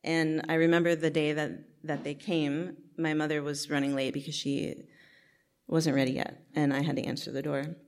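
A middle-aged woman recounts her own life story to a listening audience. Her voice sits low and carries a gravelly, fried edge. She talks candidly and casually, sprinkling in "like" and "um.". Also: level tone, normal speed. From New Jersey, USA. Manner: casual, frequent "like" and "um" fillers, candid.

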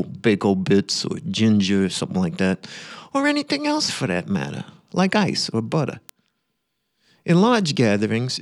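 A man voicing a blunt, controlling older uncle, reading out a letter of commands in a brash, loud voice. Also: medium pitch.

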